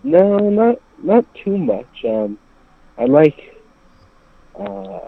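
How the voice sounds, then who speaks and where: Mellow quiet caller dude, super slow, dry dull line. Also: male voice, on the high side, big pitch swings, no echo.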